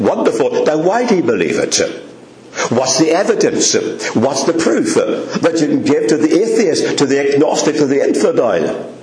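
Animated preacher with a lilting voice. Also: male voice, mid-range voice. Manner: emphatic, repeats questions, gently humorous asides. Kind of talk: sermon. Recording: echoey church room.

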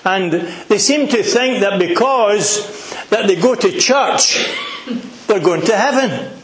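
A man's voice: high voice, animated, slow pace, echoey room. A middle-aged Scottish man preaching a sermon, earnest and emphatic, asking the congregation questions.

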